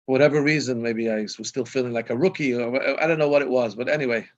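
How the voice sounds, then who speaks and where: A rabbi in his fifties recounts anecdotes over a video call, in a medium-pitched man's voice. He talks loosely, restarting and correcting himself as he goes, and the sound is dull and lo-fi. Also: fast talker. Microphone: video call microphone.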